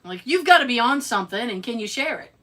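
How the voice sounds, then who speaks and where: A woman's voice: fairly high pitch, fast. A woman co-hosting a podcast, telling a story in casual chat with sarcastic asides and acted-out quotes. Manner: animated, sarcastic, acts out quotes. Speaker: podcast co-host.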